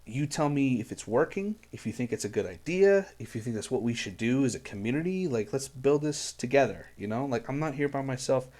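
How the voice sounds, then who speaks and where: A man's voice: mid-range voice, expressive, fairly quick, hardly any pauses, a little mellow. A man hosting a music reaction video, talking in an earnest, rambling way with many fillers and restarts. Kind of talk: casual reaction commentary.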